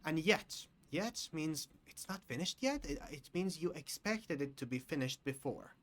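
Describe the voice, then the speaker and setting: Lively man teaching English grammar. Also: a little high. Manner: slow and clear, repeats example sentences. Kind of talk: grammar lesson for learners.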